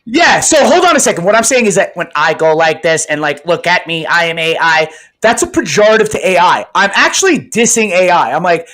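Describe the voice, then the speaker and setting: A male podcast co-host in loose, casual chat. His pitch swoops up and down as he talks, and he swears freely, pressing his points hard and checking for agreement. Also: brisk, hardly any pauses. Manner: animated, profane, emphatic, keeps asking "right?".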